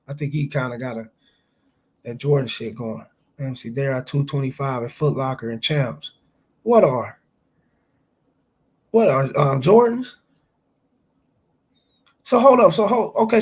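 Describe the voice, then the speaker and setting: Brief: man, late thirties to early forties, husky gravelly voice, loose swearing livestream host, pitched a bit high. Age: late 30s to early 40s. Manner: animated, swearing, reading viewer chats aloud. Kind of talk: casual profane livestream chat.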